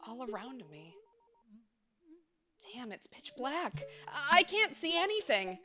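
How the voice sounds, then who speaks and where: A confused young man who wakes in pitch black as a woman puts him on fires off startled, pleading questions. The voice climbs high and swoops through a lively range while soft music plays behind. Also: slow, exaggerated voice. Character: bewildered young man waking in darkness. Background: game music.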